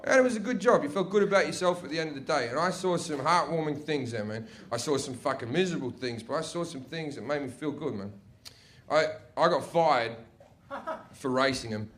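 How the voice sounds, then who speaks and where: A man doing a crude, swearing stand-up routine as an animated storyteller. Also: a little high, brisk. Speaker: stand-up comedian.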